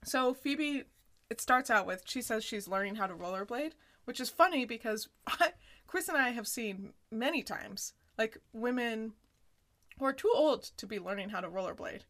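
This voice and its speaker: Female podcast co-host, chatty and animated, slightly high voice. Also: moderate pace. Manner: animated retelling, full of "like" and laughter. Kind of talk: casual chat recapping a sitcom episode.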